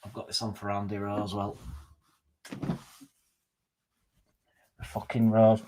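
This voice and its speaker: A man hosting a fan livestream, rambling through deadpan jokes and chatting to the chat. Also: fairly low pitch, slow, noisy background. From Leeds, England. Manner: rambling deadpan joking, dropped articles. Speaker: fan channel livestream host. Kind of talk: casual livestream chat reading the chat.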